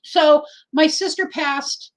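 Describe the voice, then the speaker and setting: A woman's voice: sits high, steady tone, takes it slowly, rough recording. A middle-aged woman hosting a casual livestream. She speaks in a heartfelt, rambling way and often repeats herself. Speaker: livestream host. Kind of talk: casual livestream chat with viewers.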